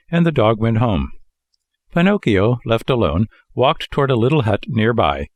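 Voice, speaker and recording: A man reading a children's audiobook with lively, expressive storytelling. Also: on the low side, no echo, clean studio sound. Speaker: audiobook reader. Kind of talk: scripted narration.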